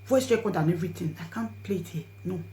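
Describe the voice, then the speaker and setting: A woman with a Nigerian accent telling a personal story to her viewers, swinging between hushed asides and loud pleading. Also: lowish voice, animated, fast talker. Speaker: vlogger. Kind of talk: storytelling to camera in Pidgin.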